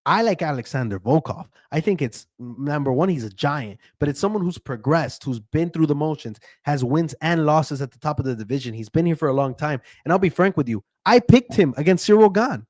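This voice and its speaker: A man's voice: a little high, animated, fairly quick, hardly any pauses, a little mellow, no echo, studio quality. A man who handicaps bets, giving a casual, profane fight breakdown and keeps checking in with "right?". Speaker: MMA betting handicapper.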